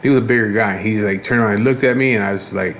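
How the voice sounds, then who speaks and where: A man's voice: lowish voice, fast, a bit bright, slight background noise. A man casually telling a rambling, profane story about his day, tired and fed up. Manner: profane, rambling, frequent restarts. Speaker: vlogger.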